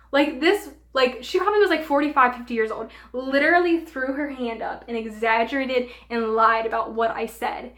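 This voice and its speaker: A young woman vlogger tells a storytime in an animated way, with plenty of fillers. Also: sits high, moderate pace, few pauses. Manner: animated, filler-heavy retelling. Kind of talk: storytime vlog. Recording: roomy room echo.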